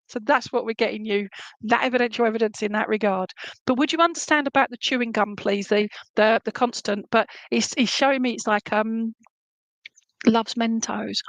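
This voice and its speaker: A woman giving live psychic readings to viewers, chatty and animated, humming tunes and relaying messages as she goes. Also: fairly high pitch, dry recording.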